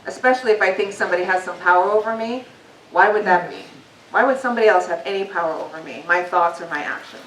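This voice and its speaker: In a meeting hall, a woman delivers a personal motivational talk to a live audience as a guest speaker, chatting candidly and saying um often. She talks fast in a fairly low, slightly bright voice; the sound is roomy and distant with faint noise.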